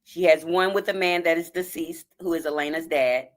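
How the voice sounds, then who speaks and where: A woman's voice: sits low, moderate pace. Choked-up woman reading on a live stream. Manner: addresses viewers as y'all, greets chat by name. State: choked up, near tears. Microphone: phone.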